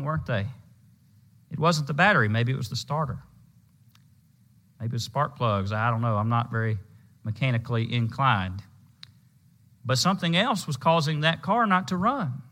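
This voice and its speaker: A man preaching a sermon, emphatic, slowing down and drawing out key words to stress a point. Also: medium pitch, a bit bright.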